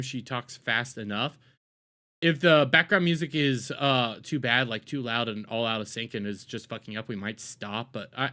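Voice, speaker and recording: On stream, a slightly high-voiced man watches a video and reacts. He swears freely, gets worked up easily, and rambles through casual jokes with his chat.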